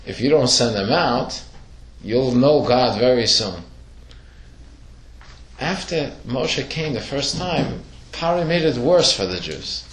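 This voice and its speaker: A man's voice: mid-range voice, lively intonation, slow pace. A man teaching a Torah lesson to a class, asking questions and telling stories with acted-out quotes. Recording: echoey room.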